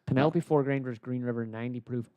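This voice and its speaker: A tired man co-hosting a casual chat, talking fast in quick offhand jokes. His mid-pitched voice is close and dry. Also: clear, resonant tone, no room sound, highs cut off. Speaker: podcast co-host.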